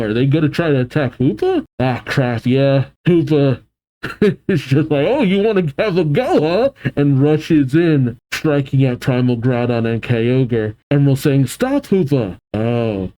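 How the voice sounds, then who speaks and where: A man reading a comic aloud and reacting to it, animated, laughing often and voicing the characters. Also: mid-range voice.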